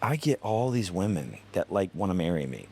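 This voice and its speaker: A man's voice: sits low, a little fast, gravelly, slightly rough. A man from North Carolina with a Southern US accent, hosting a casual interview and chatting freely with his guest. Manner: chatty, relaxed, asks follow-up questions. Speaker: podcast host.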